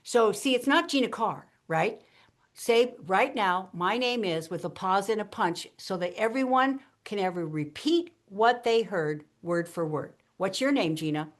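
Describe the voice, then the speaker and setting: A woman with an animated, punchy way of teaching, laughing often as she walks through her examples. Her pitch sits in a middle range, and she talks like a speaking coach giving a guest interview on a podcast. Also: a little slow.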